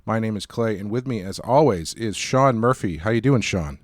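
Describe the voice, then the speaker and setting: A man hosting a podcast, speaking in an upbeat, clear, announcer-like way in casual chat and a short promo read. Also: lowish voice, expressive, moderate pace, no room sound, studio quality. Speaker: podcast host.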